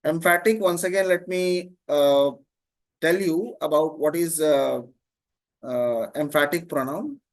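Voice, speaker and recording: A man teaching an online grammar class, explaining slowly, repeating terms and often checking "Okay?". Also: fairly high pitch.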